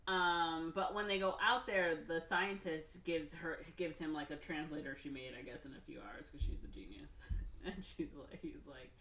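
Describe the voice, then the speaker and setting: Bright-toned woman rambling in a roomy echo. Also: sits low, fairly even intonation, moderate pace. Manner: rambling, full of "like" and "or whatever", acts out quotes. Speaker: podcast co-host. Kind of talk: casual chat retelling a film plot. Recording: roomy echo, mic off at a distance.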